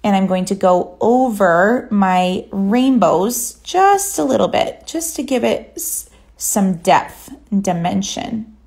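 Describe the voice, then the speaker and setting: A woman giving a relaxed, chatty step-by-step nail art tutorial. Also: medium pitch, slow pace. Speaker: nail artist.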